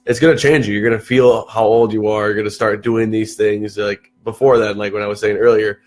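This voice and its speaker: A young man tells stories in a relaxed chat. His voice sits fairly low. He keeps restarting his sentences and jumps up in pitch when he acts out what others said. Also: fairly quick. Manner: animated, restarts often, acts out quotes in a higher voice. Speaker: podcast guest. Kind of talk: casual storytelling chat.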